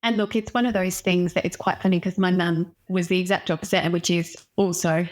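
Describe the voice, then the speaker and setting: Low-voiced woman doctor. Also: steady tone, a little fast. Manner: earnest, reflective. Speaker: doctor, podcast guest. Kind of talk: candid personal storytelling.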